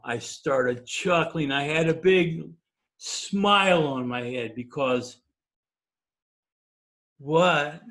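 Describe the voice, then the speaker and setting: A man telling a personal story in a talk, chuckling often and acting out the dialogue. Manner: chuckles while telling stories; acts out dialogue with big pitch jumps. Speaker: speaker.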